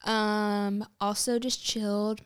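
A woman co-hosting a casual podcast, relaxed and easygoing. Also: medium pitch, slow, clear, resonant tone. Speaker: podcast co-host.

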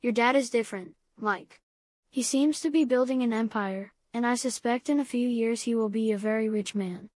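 A woman voicing a kind, proud father who is a schoolteacher, speaking calmly and encouragingly, in a higher voice and a dry recording. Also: normal speed, no room sound, close to an everyday voice. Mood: gentle. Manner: calm, kindly encouraging.

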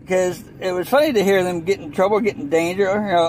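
A man's voice: high-pitched, brisk, creaky, few pauses, a little mellow, slight background noise, low-quality recording. A man rambling through a sarcastic comic monologue, full of restarts and mock voices. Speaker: comedian. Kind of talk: rambling stand-up style monologue.

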